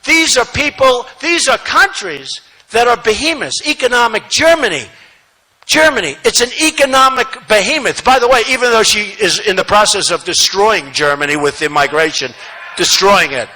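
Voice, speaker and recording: A man giving a campaign rally speech, repeating phrases for emphasis and swinging between shouting and muttering asides. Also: high-pitched, animated, normal speed, poor audio. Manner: repetitive, emphatic, rambling asides. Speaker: political speaker at a rally. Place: large rally venue, no seating.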